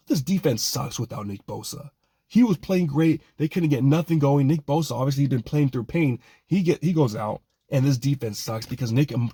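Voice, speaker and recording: A young man who hosts a fan channel launches into an angry rant about his football team, swearing in exasperation and apologizing again and again for getting worked up. His mid-range voice is mellow with a breathy edge, recorded with no room sound.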